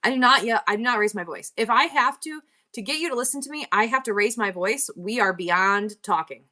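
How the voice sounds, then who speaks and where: Bright-voiced woman chatting candidly on stream. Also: fairly high pitch, lively intonation, a little fast. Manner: candid, rambling, laughs often. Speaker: live-stream seller. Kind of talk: casual live-stream chat.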